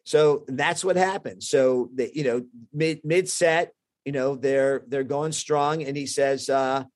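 A middle-aged man, a surgeon guest, telling an animated story with frequent restarts. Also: medium pitch, slow pace. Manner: lively anecdote-telling with many restarts and quoted voices.

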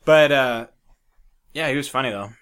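A man co-hosting a podcast in casual chat, crude and joking, laughing often and breaking into loud impressions. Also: medium pitch, moderate pace, smooth. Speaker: podcast co-host.

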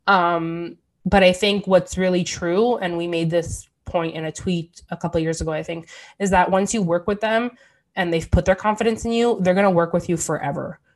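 Woman podcast co-host, low-pitched, eager and opinionated, filler-heavy chat. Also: steady tone, normal speed. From Canada. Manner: enthusiastic, opinionated, many fillers.

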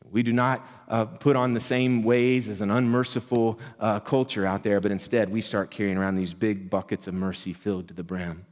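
A man preaching a sermon as pastor, earnest and emphatic, rising on quoted lines and dropping soft and low. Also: big-room sound. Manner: earnest, builds to emphatic quoted lines, drops to near whisper.

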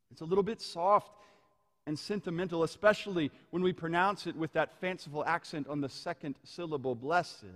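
Male preacher, slightly high voice, measured storytelling sermon, long hall reverb. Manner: measured, storytelling, slowing on key phrases.

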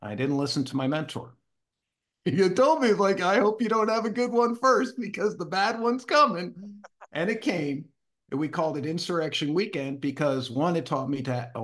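A guest on an interview show, this man tells a story casually and with lots of animation, performing the voices of the people involved. His voice sits in the mid range.

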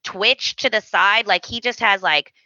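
A woman co-hosting a casual podcast, recapping a soap opera with animated storytelling and acting out the characters' lines. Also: mid-range voice, measured pace, dry recording, lo-fi sound. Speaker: podcast co-host.

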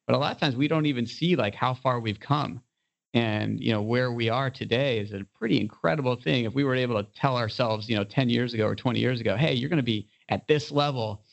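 A man's voice: mid-range voice, brisk, gravelly, dull audio. A man, an entrepreneur guest, telling an anecdote in a casual interview, full of "you know" fillers. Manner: animated storyteller, many "you know" fillers.

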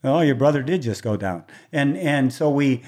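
A man's voice: medium pitch, animated, normal speed, darkish tone. A man, a race announcer, talking as a guest in an earnest, heartfelt way, often repeating words as he starts his sentences. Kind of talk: earnest conversational storytelling.

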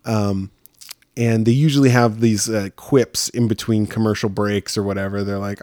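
Rambling low-voiced male podcast host. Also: fairly even intonation, normal speed, darkish tone, no echo, studio quality. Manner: rambling, many fillers. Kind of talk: casual chat.

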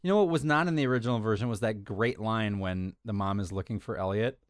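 A man's voice: on the low side, fast, clean tone, no room sound, clean studio sound. A man co-hosting an entertainment podcast, chatting casually with wry jokes. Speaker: podcast co-host. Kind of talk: casual chat.

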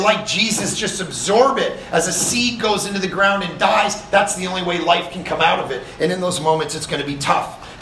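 A man with a high, bright voice preaches to a camp crowd in a casual, energetic way, asking the listeners questions as he goes. He stands away from the microphone, and the hall around him rings with echo. A faint murmur of the room sits underneath. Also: far from the mic, a little hiss or hum. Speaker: pastor. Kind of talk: sermon. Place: summer camp meeting hall. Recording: echoey room, speaker off-mic.

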